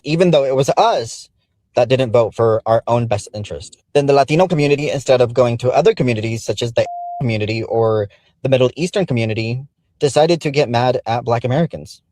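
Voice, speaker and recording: A man giving a measured, argumentative opinion monologue. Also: mid-range voice, a little mellow, no echo.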